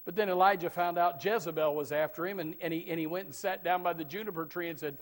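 A middle-aged male pastor preaching a sermon, animated, swinging from loud bursts to hushed tones. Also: a little high, fast. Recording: long hall reverb.

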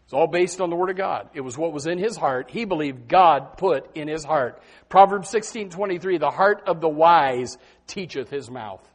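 A man preaching a sermon in a folksy, animated way, swinging between loud and soft and saying amen often. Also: normal speed. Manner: folksy, animated preaching with big swings in pitch and loudness, frequent amens.

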